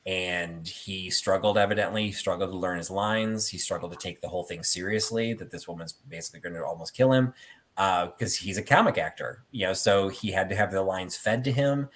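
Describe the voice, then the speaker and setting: A middle-aged man with a fairly low voice hosts a relaxed talk. He rambles through anecdotes, sprinkling in "um" and "you know" as he goes. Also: brisk. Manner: rambling storyteller with many fillers. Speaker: host. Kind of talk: casual chat about theatre collectibles.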